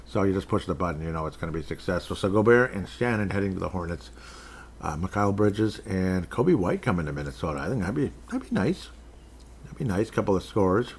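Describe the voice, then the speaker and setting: A man's voice: low-pitched, fast talker, husky. A man hosting a casual sports podcast, rambling and jokey, chuckling often as he talks. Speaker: podcast host.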